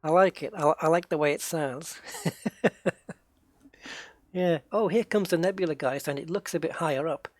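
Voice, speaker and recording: A man's voice: fairly high pitch, moderate pace, long pauses, dry recording. A man with an English accent, a game streamer chatting casually with viewers during a live stream and musing aloud as he plays. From United Kingdom.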